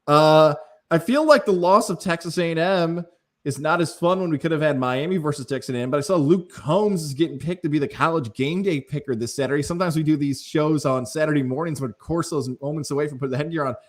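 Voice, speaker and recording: A man's voice: on the high side, quick pace. A male podcast co-host talking sports in a chatty, upbeat way. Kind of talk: casual sports chat with ad reads.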